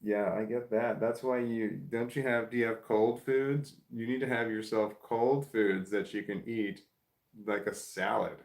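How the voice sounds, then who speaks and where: A man's voice: on the low side, fairly even intonation, a little slow. A middle-aged man chatting casually with live viewers, rambling, restarting sentences and swearing offhand. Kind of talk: casual live chat, reading comments. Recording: roomy echo.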